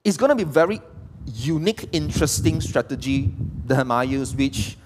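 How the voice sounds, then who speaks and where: A man's voice: medium pitch, lively intonation, normal speed, noisy background. A man, preaching a sermon as pastor and throwing rhetorical questions at the congregation. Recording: long hall reverb.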